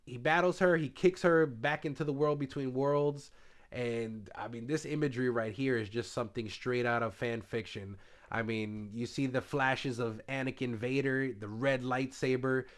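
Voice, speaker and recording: A man giving a casual spoiler review, retelling scenes loosely with lots of fillers and now and then dropping into a hushed paraphrase of the characters. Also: medium pitch. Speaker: TV show reviewer.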